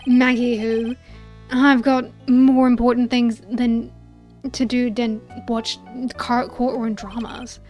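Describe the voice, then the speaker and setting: A woman voicing a gruff, hot-headed male tough guy with a put-on Brooklyn drawl, loud and bullying. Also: fairly high pitch, little pitch movement, takes it slowly, faint music behind. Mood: scornful.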